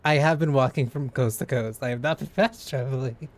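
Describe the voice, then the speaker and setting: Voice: medium pitch, fairly quick. A streamer playing a video game, chatting animatedly and reading lines aloud, laughing and swearing.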